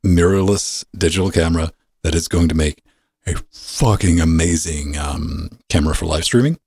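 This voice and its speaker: Gravelly low-voiced podcast host. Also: male voice, moderate pace, darkish tone. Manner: loose, profane and rambling, with sudden pitch jumps. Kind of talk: casual podcast banter.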